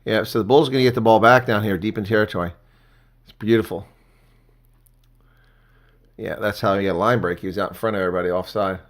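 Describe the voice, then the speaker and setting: A man giving casual live reaction commentary on a rugby match, chatty and thanking viewers, getting excited on big plays. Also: fairly low pitch, quick pace, pauses often.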